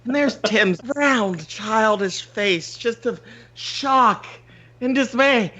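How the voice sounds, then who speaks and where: A podcast host telling a story in casual chat, animated, swearing freely and laughing often. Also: male voice, high voice, slow pace, lo-fi sound.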